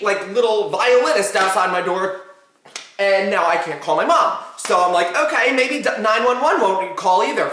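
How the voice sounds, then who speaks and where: A teenage boy vlogger telling a story to camera in a dramatic, excitable way, swearing casually and often asking "right?". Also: high voice, roomy sound.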